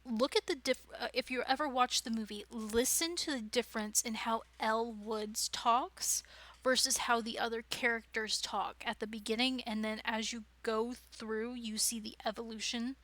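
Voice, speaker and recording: A woman's voice: a little high, fairly even intonation, normal speed, fairly bright tone, dry recording. A woman giving an informal writing workshop, chatty and enthusiastic, with frequent digressions. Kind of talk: informal lecture.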